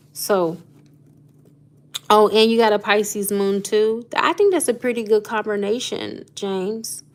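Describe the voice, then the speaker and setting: A woman's voice: mid-range voice, fairly bright tone. A woman in her thirties or forties hosting a casual live stream, chatting with viewers about zodiac signs, laughing often and calling them "honey" and "y'all". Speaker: live stream host doing astrology readings.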